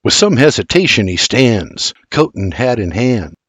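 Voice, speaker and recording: An older man reading a historical storybook in a measured narration. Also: medium pitch, big pitch swings, a bit bright, husky, dry recording. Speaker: audiobook narrator.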